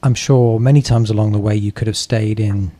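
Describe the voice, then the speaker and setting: Man, podcast host, lowish voice, mellow tone, thoughtful hedging questions. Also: fairly even intonation, brisk. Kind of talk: curious interviewing.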